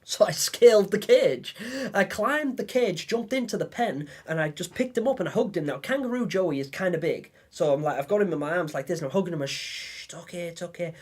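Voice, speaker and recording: A young man hosting a live stream, telling a story in a lively way and acting out his own panicked lines. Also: high voice, brisk, husky. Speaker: livestream host.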